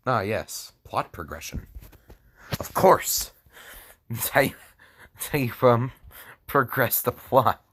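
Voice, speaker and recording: A man's voice: mid-range voice, expressive, slow pace, long pauses, a bit bright, husky. A young man reading a fan story aloud for comedy, breaking off into sarcastic asides, laughing often and stumbling over words. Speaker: fan fiction reader.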